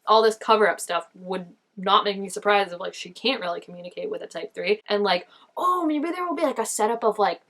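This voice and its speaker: A woman's voice: mid-range voice, expressive, fairly quick, hardly any pauses, fairly bright tone. A woman casually reacting to a TV episode, chatty and gushing, with lots of "like" fillers. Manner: chatty, gushing, peppers speech with "like".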